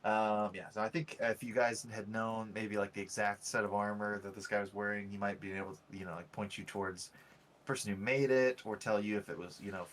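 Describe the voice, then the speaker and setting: Lower-voiced man running the game. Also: flat delivery, a little fast, slight background noise. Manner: hesitant, many fillers. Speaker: game master. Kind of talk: casual tabletop narration.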